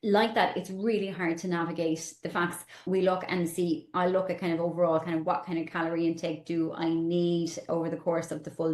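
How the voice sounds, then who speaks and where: A woman doctor answering interview questions about nutrition in a measured, explanatory way. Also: on the low side, a little mellow. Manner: measured, explanatory, uses fillers like "I suppose". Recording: echoey room.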